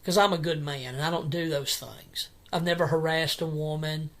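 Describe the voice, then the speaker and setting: A man's voice: fairly high pitch, steady tone, a bit bright. Agitated man ranting at home. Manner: agitated, repetitive, halting restarts. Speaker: vlogger. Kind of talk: angry personal vlog rant. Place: home at night.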